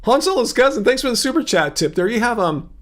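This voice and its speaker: A man with a relaxed Southern Californian accent talks to his viewers in a loose, rambling livestream chat. His voice sits high for a man, and he laughs easily between thoughts. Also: quick pace, slight background noise. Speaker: livestream host.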